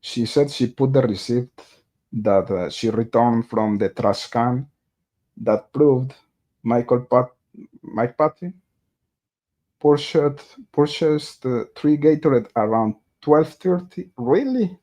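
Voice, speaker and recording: A man's voice: mid-range voice, slow pace, mellow. A man hosting a casual true crime livestream. He hesitates often, with lots of filler sounds and restarts, and he reads viewer chat aloud and greets viewers.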